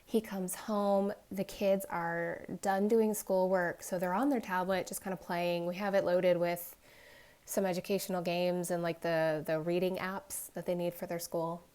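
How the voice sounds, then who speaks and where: A woman's voice: fairly low pitch, measured pace, smooth. A young woman, a crafting vlogger, chatting casually and telling a family story, acting out the voices she quotes. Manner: animated, acts out quoted voices.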